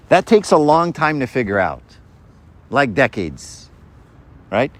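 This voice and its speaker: A man's voice: medium pitch, sing-song, slow. A man giving an informal sermon to a group, talking in a conversational way, often checking in with "right?" and acting out the voices in his stories. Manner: conversational, keeps asking "right?"; acts out quoted voices in a story.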